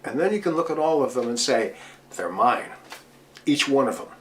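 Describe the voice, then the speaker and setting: A middle-aged man coaching DJs on voice technique at a virtual convention speaks expressively at a moderate pace, his medium-pitched voice a bit bright against slight background noise. He explains patiently, demonstrating with his own voice.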